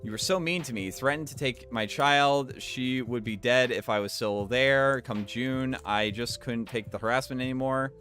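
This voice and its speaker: Guy streamer reading stuff out loud, bright voice, cracks little asides, faint music behind. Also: medium pitch, normal speed, few pauses. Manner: reads flatly, breaks off for wry asides. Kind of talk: reading aloud with commentary.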